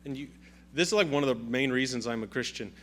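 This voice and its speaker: A man's voice: mid-range voice, fast. A male pastor preaching a sermon with an emphatic, repetitive cadence.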